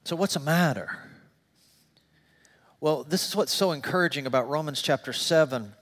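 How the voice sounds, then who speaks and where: A middle-aged man, a pastor, preaching a sermon and telling stories with animated, self-deprecating humor. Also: a little high, normal speed, long reverb tail. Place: church sanctuary.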